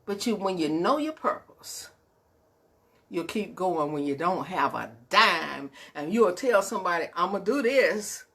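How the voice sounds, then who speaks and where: A woman's voice: lowish voice, expressive, a little slow, a bit bright. A woman hosting her weekly inspirational show, talking in a preacherly way, calling listeners y'all and acting out her talks with God. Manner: preacherly, calls listeners y'all and baby, acts out dialogues with God. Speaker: host of a weekly inspirational broadcast. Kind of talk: spirited faith talk.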